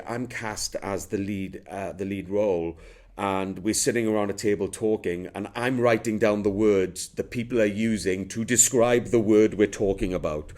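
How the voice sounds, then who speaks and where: Welsh guy, middle-aged, lowish voice, rambly interview chat full of restarts. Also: a little mellow. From Wales. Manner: rambling, many restarts and fillers. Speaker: actor, interview guest. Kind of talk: casual interview talk.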